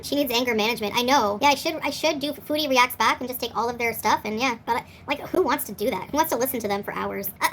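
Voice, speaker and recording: A woman's voice: a little high, a bit bright, a little hiss or hum, low-quality recording. A woman in her forties ranting on a livestream, defiant and sarcastic, answering chat as she goes. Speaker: streamer answering live chat.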